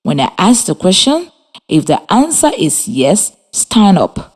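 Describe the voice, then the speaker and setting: A woman from Liberia teaching a children's reading lesson over radio, speaking slowly and clearly with encouragement. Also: on the low side, sing-song. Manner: slow, clear, encouraging, spells and claps out words. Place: radio studio with students.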